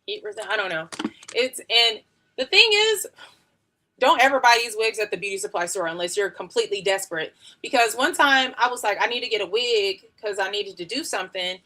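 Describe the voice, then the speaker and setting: A woman in her thirties talks through a wig install on a live stream from home. Her voice is bright and forward, and she rambles casually with plenty of slang and easy laughter. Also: mid-range voice, animated, a little fast. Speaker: beauty livestreamer.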